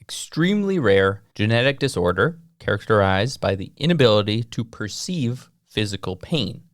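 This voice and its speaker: A man's voice: on the low side, sing-song, normal speed, no echo, studio quality. A man hosting a podcast quiz, steadily explaining medical facts. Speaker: quizmaster podcast host.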